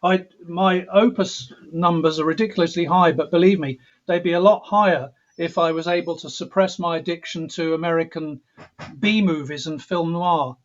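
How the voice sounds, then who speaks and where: A man's voice: fairly high pitch, normal speed, highs cut off. An English man, a composer, talking reflectively in an interview, often restarting and repeating words as he thinks. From England. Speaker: composer guest. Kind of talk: thoughtful conversational interview.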